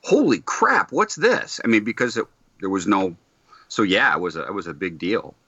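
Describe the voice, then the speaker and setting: A man's voice: deep voice, fairly bright tone, no echo. A man from Detroit, a podcast host, chatting casually with lots of fillers and restarts. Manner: halting, filler-heavy. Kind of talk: casual chat. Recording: muffled, off-mic sound.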